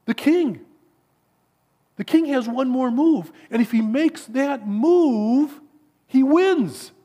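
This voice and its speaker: A preacher voicing an insistent chess champion. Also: male voice, extremely high pitch, lively intonation, a little fast, darkish tone, husky, pitched above the performer's own voice, full character voice.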